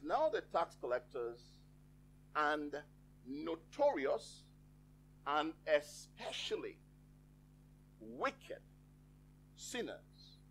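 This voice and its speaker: Slow, emphatic male preacher. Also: fairly high pitch, a little hiss or hum, low-quality recording. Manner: slow, emphatic, drawn-out phrasing with dramatic pauses. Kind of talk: sermon. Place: church.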